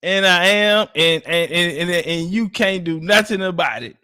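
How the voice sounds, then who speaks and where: A man's voice: high voice, measured pace, bright, forceful tone, smooth, no room sound, studio quality. A man from Texas, hosting a livestream and bantering with viewers in a joking, boastful, profane way. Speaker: livestream host. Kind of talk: casual livestream chat with viewers.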